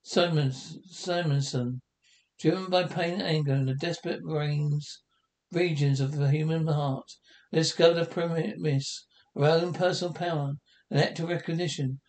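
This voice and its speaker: A man's voice: fairly high pitch, fairly even intonation, normal speed, a little mellow. A man solemnly reading the closing narration of a drama script, stumbling over some words.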